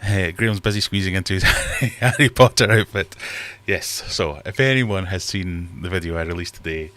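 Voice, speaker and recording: A man's voice: low voice, moderate pace, sharp tone, dry recording. A man hosting a casual livestream from his fish room, rambling and self-deprecating as he reads chat aloud. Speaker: livestream host.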